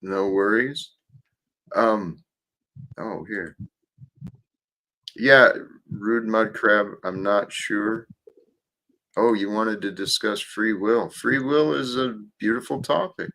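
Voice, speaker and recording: A man's voice: lowish voice, slow, pauses often, sharp tone. A man hosting a livestream, talking casually and reflectively about faith and life, with some restarts. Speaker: livestream host.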